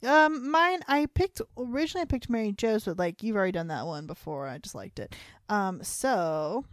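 A woman's voice: mid-range voice, expressive, moderate pace, no echo. Rambling woman podcast co-host, dry mic. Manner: rambling, hesitant, many fillers and laughs. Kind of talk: casual chat.

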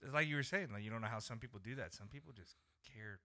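Fast-talking blunt man, bright voice. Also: mid-range voice. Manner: blunt, profane, animated. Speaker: podcast co-host, army veteran. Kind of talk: casual podcast chat.

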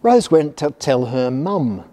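Animated man reading a storybook aloud. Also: on the high side, slow pace. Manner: expressive, animated. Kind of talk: reading a children's picture book aloud. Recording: reverberant hall.

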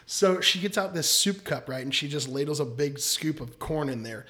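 A man's voice: fairly high pitch, normal speed, fairly bright tone. A man in his thirties, a podcast guest, telling long casual stories and laughing often. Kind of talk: casual chat, storytelling.

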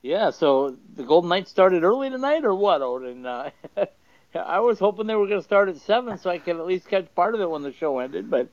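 A man's voice: high-pitched, animated, no echo, lo-fi sound. Easygoing male sports show co-host. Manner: easygoing, encouraging, halting with fillers. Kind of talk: casual sports radio chat.

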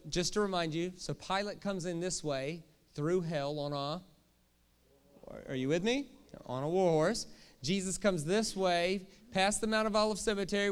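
A male pastor preaches with a light, joking touch, tossing rhetorical questions at his listeners. His voice sits a bit high, and his delivery swings from playful asides to plain explanation. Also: clear, resonant tone. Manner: jokey, animated, asks the crowd questions. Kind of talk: sermon.

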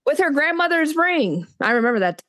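A woman with a high, fairly quick voice co-hosts a book podcast, chatting casually. She's animated and gushing, acting out scenes in little voices.

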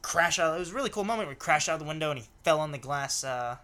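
A man's voice: on the high side, lively intonation, racing, pushed and bright. A man co-hosting a casual movie podcast, joking and recounting film scenes. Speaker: podcast co-host.

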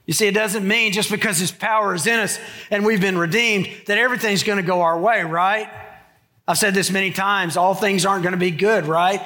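A man's voice: high voice, steady tone, brisk, bright, forceful tone. A middle-aged man preaching a sermon in a church, conversational, with joking asides to the congregation. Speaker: pastor. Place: church sanctuary.

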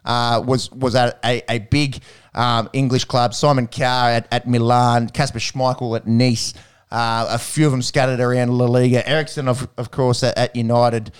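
Australian male host, smooth, clear voice, chatty, slangy rambling delivery for sports banter. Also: medium pitch, level tone, normal speed. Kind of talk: casual sports chat.

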